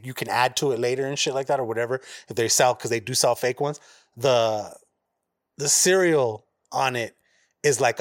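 A man's voice: medium pitch, a bit bright. A man from Arizona co-hosting a podcast, telling a long profane story with a lot of animation. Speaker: podcast co-host. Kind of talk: casual chat.

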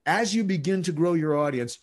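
A man's voice: a little high, animated, brisk. A man speaking as the guest expert in a podcast interview, giving long explanatory answers with frequent fillers and restarts.

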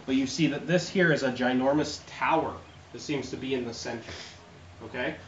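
A man's voice: medium pitch, brisk. A man narrating a tabletop game as game master, in a casual, chatty way. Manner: casual, chatty, laughs often. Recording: roomy, dull, lightly noisy home recording.

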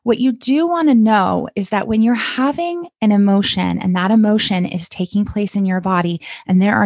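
A woman coach from Canada talks straight into the mic in a gentle, encouraging podcast monologue. Her voice sits at an ordinary middle pitch. The sound is dry and close, with no room echo. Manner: warm encouraging coaching talk.

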